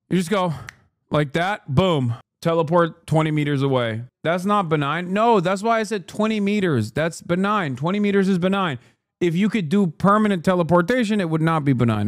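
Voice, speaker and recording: A man in his thirties rants on a live stream, brash, sarcastic and profane. His voice sits fairly high. The mic is close and dry, with no room echo. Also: animated, a little fast. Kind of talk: casual profane livestream rant.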